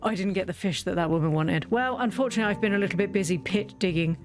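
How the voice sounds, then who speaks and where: A woman's voice: mid-range voice, fast talker, music in the background. A woman chatting through a game, wry and self-mocking, talking fondly to her in-game animals. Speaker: gaming video creator. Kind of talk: casual let's-play commentary.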